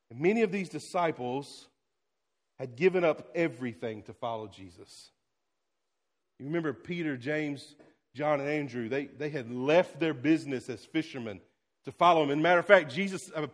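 A male pastor preaching a sermon, swinging between loud exclamations and hushed, quiet lines. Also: a little high.

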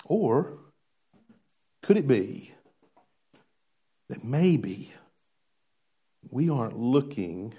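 A man preaching a sermon to a church congregation, animated and questioning, drawing responses from the crowd. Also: mid-range voice, drawn-out words, pauses often, breathy edge. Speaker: pastor. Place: church before a live congregation.

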